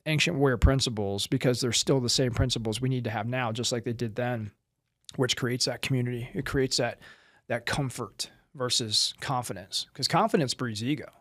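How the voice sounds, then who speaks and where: A middle-aged American man speaks in a casual interview, blunt and intense, swearing freely and slipping into other people's lines as he tells stories. His voice sits at an ordinary male pitch, recorded close and dry with no room echo. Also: moderate pace, fairly bright tone. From United States. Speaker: podcast guest, former Marine and firearms trainer.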